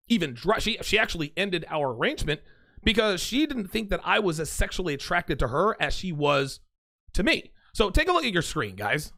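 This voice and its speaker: A man talks straight to his audience in a blunt, profane monologue. His voice sits a little high and swings widely in pitch as he reads messages aloud. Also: creaky, sharp tone. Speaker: host. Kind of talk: monologue to camera.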